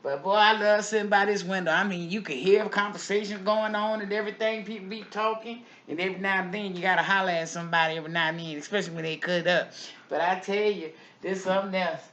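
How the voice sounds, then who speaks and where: A woman's voice: mid-range voice, fairly even intonation, fast talker, a bit bright, lightly acted. A woman playing a gossipy window-watching neighbor lady. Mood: preachy. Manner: folksy, chatty, repeats "I tell you". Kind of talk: comic character monologue.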